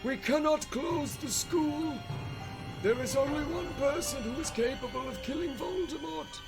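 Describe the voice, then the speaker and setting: Squeaky old wizard headmaster. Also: male voice, gravelly. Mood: solemn. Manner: wobbly falsetto, slow solemn delivery. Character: old male headmaster wizard, grave and stern. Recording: background music under the voice.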